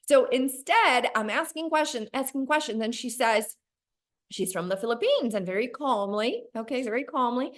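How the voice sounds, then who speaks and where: Woman trainer, lively and chatty, slightly high-pitched, coaching a team over a video call. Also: moderate pace. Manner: animated, acts out dialogue in a bright high voice. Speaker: guest sales trainer. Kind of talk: motivational sales training talk.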